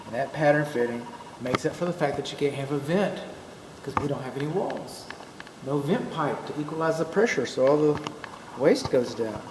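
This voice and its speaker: This slightly high male voice moves at a moderate pace. He's a Texan home inspector showing a client around an empty new house, keeping the narration folksy and conversational with humorous asides. Sound bounces around the vacant rooms, and there's a steady background hum.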